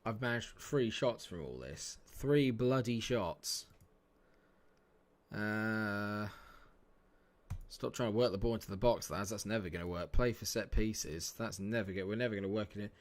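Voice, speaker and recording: A man's voice: lowish voice, normal speed. A man live-streaming a football management game from a room at home, chatting casually and swearing mildly as he talks to his viewers and his players. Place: home room near a main road.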